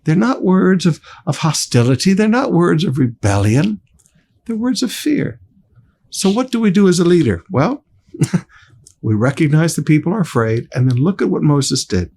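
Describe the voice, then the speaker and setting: A man's voice: a little high, big pitch swings, normal speed, a little mellow, husky. A man pastor preaching a sermon, emphatic and speaking straight to his congregation.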